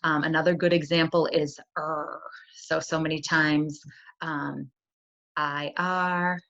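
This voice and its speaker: This middle-aged woman, a school curriculum coordinator, has a deep, fairly bright voice but a flat, slow delivery. She teaches parents spelling strategies in a friendly, conversational walkthrough, often asking "right?", over dull lo-fi computer audio.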